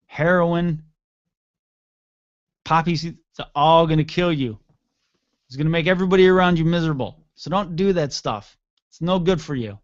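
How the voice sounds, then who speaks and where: A man's voice: on the high side, dry recording, lo-fi sound. A man hosting an internet radio show, rambling and cursing sarcastically in a casual solo rant.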